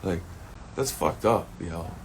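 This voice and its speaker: A man's voice: sits low, slow pace, a little hiss or hum. A man talking through a rambling personal monologue, swearing often and turning heated and emotional at times.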